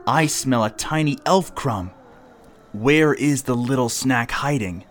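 A man's voice: medium pitch, slow, a little hiss or hum, natural voice. A man doing a vicious giant pixie. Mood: menacing. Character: vicious giant male pixie, mean and loud. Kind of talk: storybook character voice.

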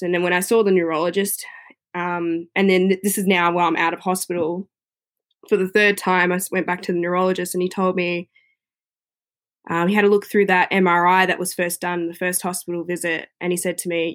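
A woman telling a personal story in a casual, chatty way, often filling pauses with "you know". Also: lowish voice, flat delivery.

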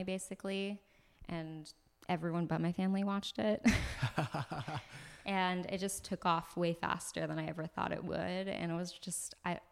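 A woman from Los Angeles, a podcast guest, telling a story in a chatty, animated way, full of likes and ums, recorded in an apartment. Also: on the low side, creaky. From Los Angeles, USA. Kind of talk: casual conversational storytelling. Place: floor of a new apartment.

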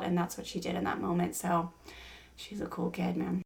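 Her voice is lowish, gravelly, and level as this middle-aged parenting podcaster chats at a normal pace. She recounts a family story casually, stumbling through fillers and restarts.

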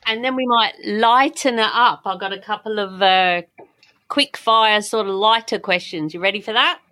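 A woman's voice: medium pitch, moderate pace. Laid-back Aussie woman host. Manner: relaxed, laughs along, agreeable. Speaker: podcast host. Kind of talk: casual interview over beers.

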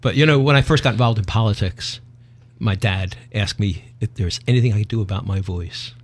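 A man's voice: lowish voice, fairly quick. A man hosting a talk show, chatting in a folksy, opinionated, half-joking way. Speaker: podcast host. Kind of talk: casual talk show banter.

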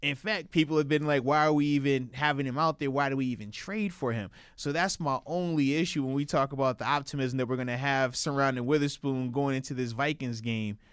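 A young man co-hosting a football podcast in casual, animated, jokey chat. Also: mid-range voice, fairly quick, few pauses, smooth, dry recording, studio quality. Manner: animated, jokey, slips into a mock Australian bit.

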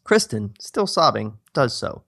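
A man's voice: mid-range voice, very animated, measured pace, gravelly, a bit bright, husky, no echo, studio quality. Wry man reading his old script. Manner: self-mocking, wry asides. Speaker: podcast co-host. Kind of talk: reading own old screenplay aloud with asides.

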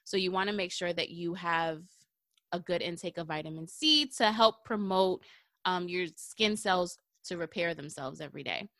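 A woman's voice: lowish voice, normal speed, a bit bright, no room sound, clean studio sound. A woman in her thirties hosting a podcast, chatting casually and slangily about skincare, laughing often. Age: 30s. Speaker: podcast host. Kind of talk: casual chat.

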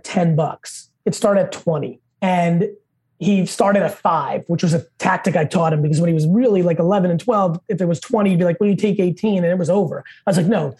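A man as a podcast guest, telling stories in a fast, profane, high-energy way. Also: a little mellow, husky. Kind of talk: casual interview storytelling.

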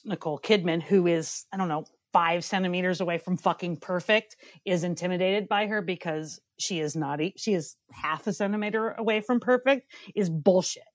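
A woman's voice: lowish voice, no echo. A woman co-hosting a podcast, giving blunt, profane, opinionated reviews in casual chat and ranting with bursts of laughter. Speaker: podcast co-host.

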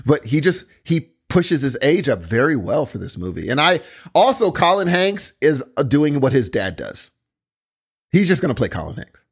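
Animated man in excitable casual chat. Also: medium pitch, normal speed, slightly rough. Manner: excitable, exclaims often, restarts sentences. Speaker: co-host discussing a TV series.

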